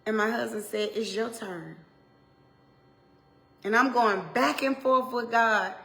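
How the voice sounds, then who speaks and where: A woman minister with an Atlanta accent, preaching in a heartfelt talk that swings from hushed tones to loud exhortation, with Southern turns of phrase and repeated lines. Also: on the high side, slow pace, vocal fry, pauses often. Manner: impassioned, swings from hushed to shouting.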